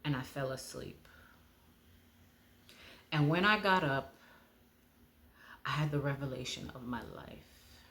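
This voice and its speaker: A woman giving a personal testimony, speaking in a heartfelt way and often dropping to a hush. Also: very deep voice, takes it slowly, long pauses, a little hiss or hum. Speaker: speaker sharing her testimony.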